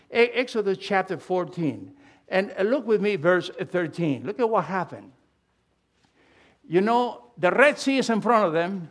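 A man preaching a sermon, emphatic and animated, swinging between loud and hushed delivery with halting restarts. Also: sits high. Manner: halting restarts and repeated words.

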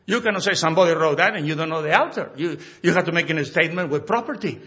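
A male pastor preaching a sermon, emphatic and animated, acting out little conversations as he goes. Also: fairly high pitch, fast, lo-fi sound. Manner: animated, emphatic, acts out dialogues.

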